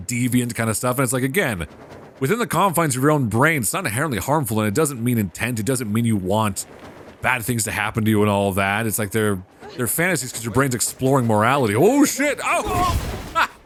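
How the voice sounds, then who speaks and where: A young man giving casual let's play commentary, excitable and swearing with loud outbursts. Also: mid-range voice, fast, slight background noise. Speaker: gaming commentator.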